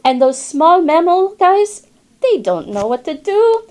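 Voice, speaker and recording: A woman's voice: extremely high pitch, big pitch swings, a little slow, darkish tone, exaggerated voice. A woman voicing a chatty, wry female classroom parrot in storybook narration, slipping into rhymes and Spanish words. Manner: rhyming, sly asides, tosses in Spanish words.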